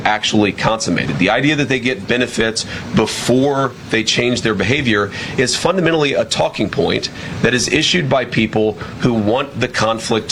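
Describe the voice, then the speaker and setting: Low-voiced man arguing over background noise. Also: a bit bright, poor audio. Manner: deliberate, repeats words while building an argument. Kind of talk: measured argument. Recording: clip with clear background noise.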